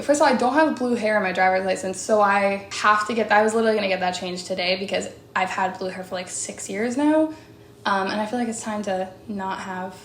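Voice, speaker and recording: A young woman singer chatting casually as she answers fan questions, bubbly and full of "like"s and quick laughs. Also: medium pitch. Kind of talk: casual chat. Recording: echoey room with faint background noise.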